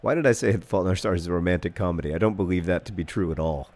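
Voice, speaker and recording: A man in his thirties hosting a casual gameplay video, rambling through asides and breaking into excited shouted commentary. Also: sits low, racing. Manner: excitable, bursts into shouted mock-epic commentary and chants; rambling, self-deprecating asides. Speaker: gaming video host.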